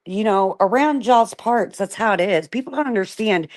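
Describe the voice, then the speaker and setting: A woman on a casual live-stream panel talks in a lively, slangy way. She jumps in quickly and often talks over the others. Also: medium pitch.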